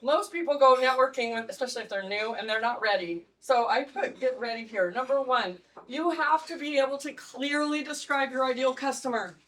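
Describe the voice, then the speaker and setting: A woman teaching a live networking workshop, telling animated stories with laughs. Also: high-pitched, a little fast, few pauses, recorded from a distance, low-quality recording. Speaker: networking trainer. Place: meeting room with audience.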